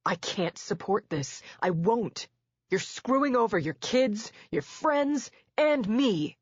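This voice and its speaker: A woman's voice: on the high side, lively intonation, takes it slowly, husky, no echo, lo-fi sound, pitched above the performer's own voice, heavily acted. A woman voicing an exasperated middle-aged husband who pleads, then accuses, in an audiobook. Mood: accusing.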